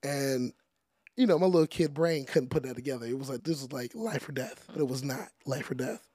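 A young man, a DJ, speaking as a guest in a casual interview, chatty and relaxed with lots of "like" and "you know.". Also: medium pitch, fairly quick, slightly rough, no room sound, clean studio sound. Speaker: podcast guest, DJ.

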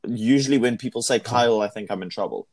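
A man's voice: mid-range voice, quick pace, darkish tone. A young man from Africa, chatting casually and rambling through his stories with frequent restarts. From South Africa. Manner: rambling, self-correcting. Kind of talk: casual chat.

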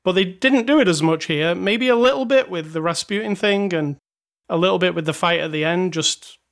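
A man's voice: high-pitched, a little fast, creaky, fairly bright tone. A man co-hosting a podcast, chatting casually and thinking aloud about a movie. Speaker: podcast co-host. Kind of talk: casual film review chat.

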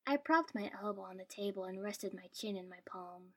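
A woman's voice: mid-range voice, normal speed, few pauses, husky. A woman reading a first-person story aloud in a dry, wry tone. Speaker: story reader.

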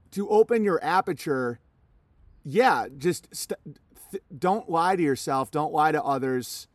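A man's voice: on the high side, no echo. A man live streaming, talking casually to his chat in a rambling way with many restarts.

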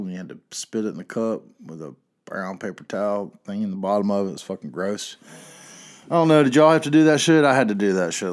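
A man from the American South with a Southern accent, hosting a podcast alone in a loose, rambling way, swearing freely and filling gaps with ums and you-knows. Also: fairly low pitch. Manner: rambling, profane, lots of fillers. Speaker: podcast host. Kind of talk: casual solo podcast ramble.

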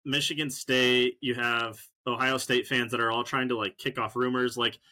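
A man holding his ground in a sports debate, talking back fast and firmly. His voice has a bright, forceful edge. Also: medium pitch, flat delivery. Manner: insistent, defends his point firmly. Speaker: sports talk co-host.

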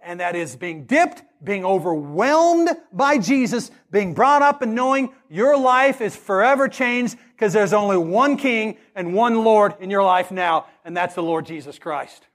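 A man preaching a sermon as pastor, telling stories and acting out the dialogue with animated delivery. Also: high voice, measured pace, hardly any pauses.

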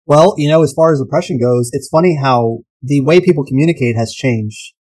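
A man co-hosting a casual podcast, talking animatedly and posing rhetorical questions with sudden jumps in pitch. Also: a little fast, a little mellow, rough recording. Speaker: podcast co-host.

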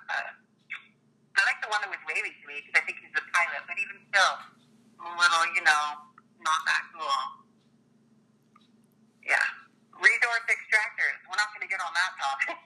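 A woman's voice: fairly low pitch, brisk, pushed and bright, poor audio. A woman telling a story in casual chat, chatty and laughing often. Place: small town.

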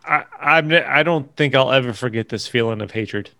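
A man's voice: mid-range voice, moderate pace, pushed and bright. A man co-hosting a casual movie review podcast, ranting and swearing. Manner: ranting, profane. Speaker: podcast co-host.

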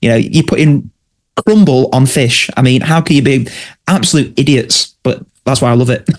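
A man's voice: medium pitch, normal speed. A man co-hosting a casual podcast, recapping scenes and speaking to listeners and his co-host.

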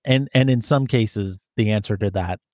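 A police officer tells profane stories in casual chat, mimicking the people he deals with in quick put-on voices. His voice is fairly low with a darkish tone, in a dry, clean studio recording.

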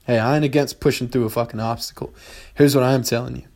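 A young man talks through big ideas in a loose, rambling podcast monologue. He swears freely and flares into exasperation, then settles back into musing at a mid-range pitch. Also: steady tone, fast, darkish tone. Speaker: podcast host. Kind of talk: casual philosophical monologue.

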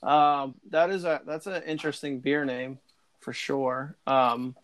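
A man's voice: medium pitch, level tone, unhurried, fairly bright tone, slight background noise. A man in casual chat, rambling with many likes and ums. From Pittsburgh area.

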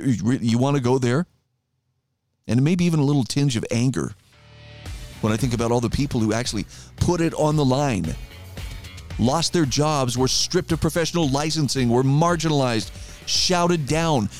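A middle-aged man hosting a talk radio show, reflecting conversationally and reading articles aloud with emphasis. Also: medium pitch.

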